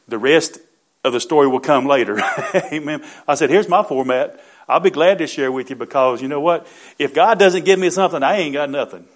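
A middle-aged man preaching a sermon as pastor, fervent, peppering his talk with amens and building to loud emphatic bursts. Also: medium pitch.

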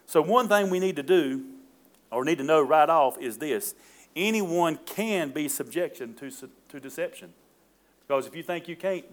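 A man delivers a homespun sermon at a middling pitch. His preaching is plain and conversational, and he checks in with the congregation with a questioning "Amen?". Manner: folksy, down-to-earth preaching with calls of "Amen?".

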